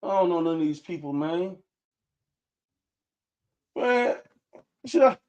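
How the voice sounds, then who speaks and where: A man's voice: sits high, lively intonation, slow pace, darkish tone, lo-fi sound. A man hosting his own livestream, talking casually and rambling about sneakers and street culture, full of "man" and "y'all". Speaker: livestream host.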